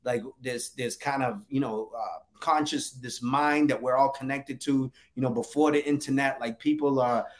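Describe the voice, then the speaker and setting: A man's voice: mid-range voice, steady tone, moderate pace, hardly any pauses. A man talking casually and emphatically about his graphic novel, with lots of slang and fillers. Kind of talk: casual interview chat.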